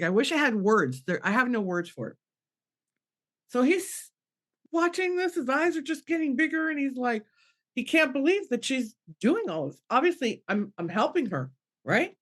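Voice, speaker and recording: A middle-aged woman, a medium appearing on a panel podcast, tells an emotional personal story in a mid-range, fairly bright voice. She acts out quoted voices, restarts her sentences, and laughs through tears.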